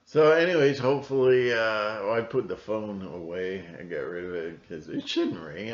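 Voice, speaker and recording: A man with a lowish voice rambles through a vlog monologue, stopping and restarting often in a conspiratorial way. He is recorded at home, and the sound is roomy and somewhat dull, with a lo-fi edge. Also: normal speed, few pauses. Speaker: vlogger.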